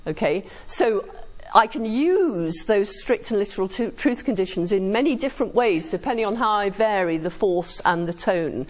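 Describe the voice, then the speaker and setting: A woman's voice: mid-range voice, animated, normal speed. A woman giving a philosophy lecture to students, chatty and often checking understanding with tag questions. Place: classroom. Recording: dull lo-fi classroom recording.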